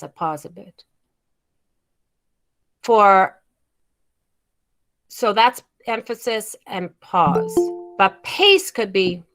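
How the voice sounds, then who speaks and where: Over a video call, a woman with a mid-range, fairly bright voice teaches a storytelling workshop in an emphatic way. She stretches out words she wants to stress and frequently restarts phrases while explaining.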